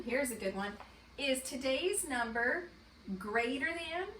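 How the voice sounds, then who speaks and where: A woman's voice: sits high, animated, a bit bright, distant mic, slight background noise. Sing-song woman teacher in echoey room. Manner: slow, drawn-out and sing-song when counting with children. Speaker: elementary school teacher. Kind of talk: morning meeting lesson for young children.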